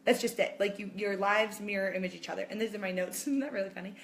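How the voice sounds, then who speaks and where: A woman in her thirties chatting casually to camera as a mom vlogger, reassuring viewers and acting out quotes in animated voices. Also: medium pitch, fast, a little hiss or hum.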